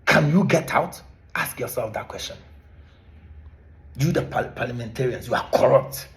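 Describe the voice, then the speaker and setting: A man's voice: medium pitch, animated, normal speed, fairly bright tone. A man from Ghana with a Ghanaian accent, a former teacher delivering an impassioned monologue to camera, scolding with repeated rhetorical questions.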